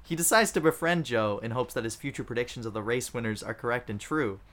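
A man co-hosts a comedy movie podcast in a plain, mid-pitched voice. He talks in a loose, jokey way, full of sarcastic asides and quick laughs. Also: a bit bright. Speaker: podcast co-host.

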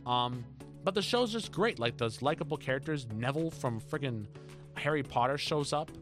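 A man's voice: mid-range voice, moderate pace, faint music behind. A young man co-hosting a podcast, chatting casually and rambling with many restarts. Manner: rambling, restarts often, lively. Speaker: podcast co-host. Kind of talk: casual chat.

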